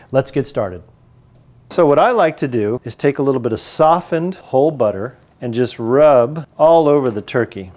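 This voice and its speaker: A man's voice: mid-range voice, a little mellow. A man, a chef, presenting a friendly step-by-step cooking demonstration in a kitchen.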